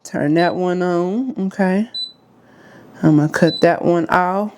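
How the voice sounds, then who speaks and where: A woman, her voice sitting fairly low. She talks through a cooking demonstration in a loose, chatty way. She keeps checking in with her viewers. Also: measured pace, a little mellow, a little hiss or hum. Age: 30s. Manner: chatty, addresses viewers as y'all, frequent okay. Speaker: cooking vlogger.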